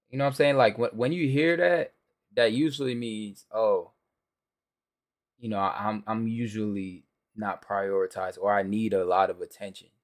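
A man casually commenting with slang as he reacts to a video. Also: on the low side. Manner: slangy, offhand remarks over a video. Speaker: reaction streamer.

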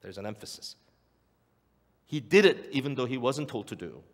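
A man's voice: mid-range voice, expressive, moderate pace. A middle-aged male pastor preaching a sermon in a church, earnest, repeating key phrases and asking the congregation questions. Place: church sanctuary. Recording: long hall reverb.

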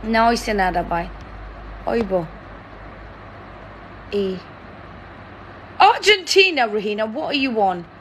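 A woman's voice: medium pitch, a little slow, pauses often, a little hiss or hum. A woman, hosting a live-stream word-guessing game in a chatty, teasing, playfully dramatic way. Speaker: livestream host.

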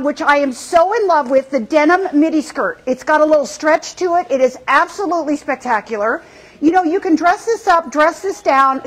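A woman's voice: high voice, poor audio. A middle-aged woman hosting a live fashion show, gushing and effusive as she shows off outfits.

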